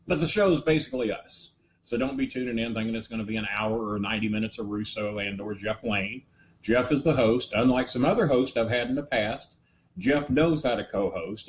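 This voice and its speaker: An older man, hosting a casual live stream in a rambling, folksy way with joking asides. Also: on the low side. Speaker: host. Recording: faint ambient noise.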